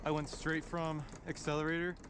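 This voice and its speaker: A man's voice: fairly high pitch, monotone, moderate pace. A young man casually vlogging outdoors on a snowy mountain, grumbling and swearing as he hikes uphill, recorded on a body-worn camera. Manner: grumbling, swears, talking while hiking uphill. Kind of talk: casual vlog commentary. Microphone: body-worn action camera. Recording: wind noise outdoors.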